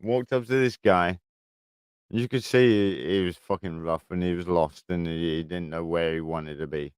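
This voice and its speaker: Deep-voiced swearing man. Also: steady tone, moderate pace, clear, resonant tone, dry recording. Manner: rambling storytelling, heavy swearing. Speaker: livestream host. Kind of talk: casual livestream chat. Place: garden shed.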